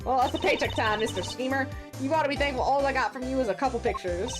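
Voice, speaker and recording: A woman's voice: high voice, fast talker, close to an everyday voice. A woman putting on a brassy Southern-drawl photojournalist. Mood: scolding. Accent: put-on American Southern. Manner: folksy twang, brassy and teasing. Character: brash nosy female photojournalist, pushy and loud. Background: game music.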